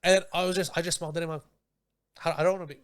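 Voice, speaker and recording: A man's voice: fairly high pitch, very fast, smooth. A man hosting a podcast, telling stories in casual, slangy chat. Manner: animated storytelling with slang. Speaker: podcast host.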